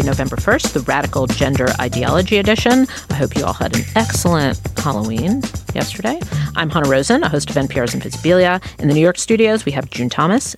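A woman hosting a podcast in a casual, chatty way, laughing easily. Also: deep voice. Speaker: podcast host.

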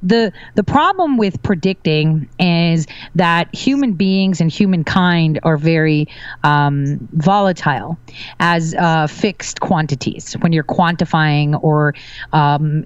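A woman's voice: low-pitched, measured pace, clear, resonant tone, dry recording, muffled recording. A woman guest on a casual political talk show, speaking assertively and making confident predictions. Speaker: guest commentator.

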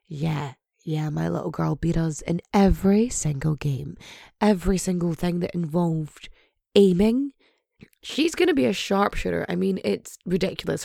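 Hoarse woman host, gravelly and dark, nasal, husky, rambling jokey chat with swearing. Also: on the low side, dry recording, clean studio sound. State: hoarse, voice partly gone. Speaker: podcast host. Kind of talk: casual, irreverent podcast chat.

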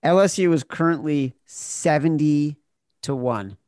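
A man hosting a sports betting podcast, teasing his guest and briskly wrapping up the show. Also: a little high, darkish tone, smooth, no room sound, studio quality. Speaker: podcast host. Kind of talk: casual podcast chat.

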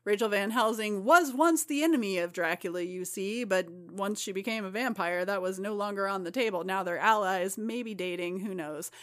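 A woman co-hosting a podcast, giving a lively, laughing recap of a comic storyline in casual chat. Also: mid-range voice, normal speed, few pauses. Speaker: podcast co-host.

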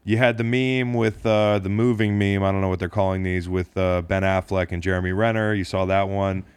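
A man's voice: low-pitched, fairly even intonation, brisk, clean tone, no echo. A man co-hosting a casual sports podcast, talking in a jokey, profane, rambling way with lots of restarts. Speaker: podcast co-host.

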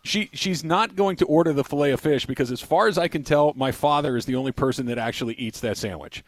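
A man's voice: a little high, quick pace, dry recording, studio quality. A man in his forties co-hosting a radio show, chatting casually and acting out little scenes. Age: 40s. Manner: animated storyteller, acts out menacing voices. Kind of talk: casual sports-radio banter.

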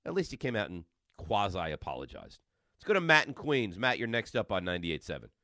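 A bright, forceful man hosts call-in sports radio. His pitch swings widely as he argues, and the studio sound is dry and close. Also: a little fast, no room sound. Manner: animated, loud and combative with callers.

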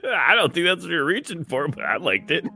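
A man's voice: on the high side, very animated, a little fast, gravelly, sharp tone, faint music behind. A man co-hosting a sports podcast, joking around casually and trying out silly accents. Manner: jokey, puts on goofy accents. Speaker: podcast co-host.

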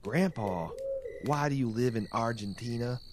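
A man's voice: medium pitch, normal speed, background noise, lightly acted. Rick, a man playing him, weary survivor leader. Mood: rambling. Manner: earnest, rambling confessions. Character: weary male survivor leader, middle-aged, rambling. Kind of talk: comedy sketch acting.

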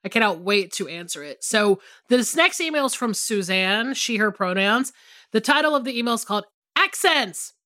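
A podcast co-host with a fairly high, expressive voice chats casually at a moderate pace, laughing often as she reads a listener's email aloud. Her tone is bright and forceful, captured in a dry, studio-quality recording.

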